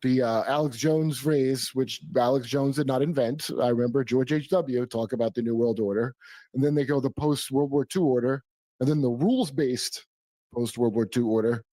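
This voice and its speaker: A man's voice: medium pitch, moderate pace, warm tone, dry recording. A man co-hosting a political commentary show, making sardonic, wry asides. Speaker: show co-host.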